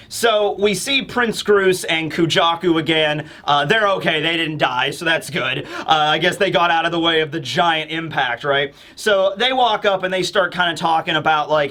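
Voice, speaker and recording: A man hosting a casual manga review, excitable and rambling with lots of fillers. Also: on the high side. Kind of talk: casual video commentary.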